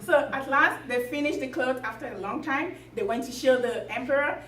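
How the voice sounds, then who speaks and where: A woman retelling a fairy tale to a group, chatty and lively with many fillers. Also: high voice, normal speed, background noise. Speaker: storyteller. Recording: echoey room from far off.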